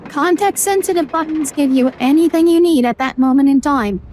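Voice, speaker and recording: A woman's voice: high voice, a little fast, a little mellow. A woman playing a game on a stream, chatty as she explains the game and drops bits of trivia. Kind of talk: casual gaming stream commentary.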